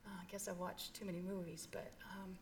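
A woman's voice: on the low side, level tone, a little fast, a little hiss or hum. A middle-aged woman telling an emotional personal story in an interview, earnest and heartfelt. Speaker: guest.

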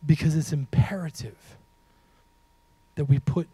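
A man preaching with a mellow, fairly high voice, lively and humorous. He swings between loud lines and near-whispered emphasis, and he talks straight to the congregation. The sound is dry and close. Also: measured pace, slightly rough, dry recording. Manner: humorous, talks to the audience directly. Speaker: pastor. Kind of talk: sermon.

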